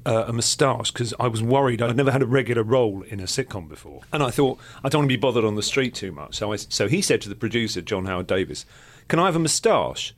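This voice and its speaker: A man in casual chat, relaxed, recounting an anecdote. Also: medium pitch, fast talker, few pauses. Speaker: podcast co-host.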